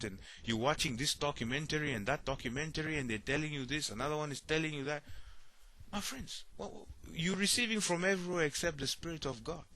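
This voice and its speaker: A man's voice: fairly high pitch, bright, forceful tone. A man preaching a sermon, often repeating himself and asking "you see?", acting out the worried voices of others.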